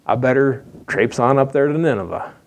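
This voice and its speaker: A preacher playing Jonah, grumbling prophet. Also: male voice, medium pitch, expressive, normal speed, creaky. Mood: grudging. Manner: grudging, sulky complaining. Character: reluctant grumbling male prophet.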